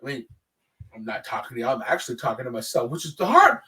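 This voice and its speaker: A man's voice: mid-range voice, fast, far from the mic. A man hosting his own podcast, telling stories in casual, profane talk and acting out the lines of people he met. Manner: animated, profane, acts out quoted dialogue. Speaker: podcast host. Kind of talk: casual solo storytelling.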